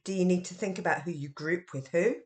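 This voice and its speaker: A middle-aged woman, talking about how teachers should handle their first meeting with a class in an expressive, question-led way. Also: on the low side, fairly quick. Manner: lively and expressive, with emphatic questions. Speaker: teacher trainer and author. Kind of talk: educational podcast talk.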